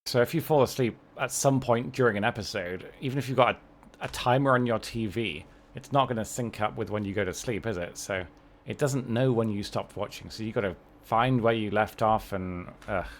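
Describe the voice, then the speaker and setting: A man's voice: lowish voice, moderate pace, a little hiss or hum. Rambling man streaming a game. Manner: rambling, self-correcting, wry. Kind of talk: casual livestream chat while gaming.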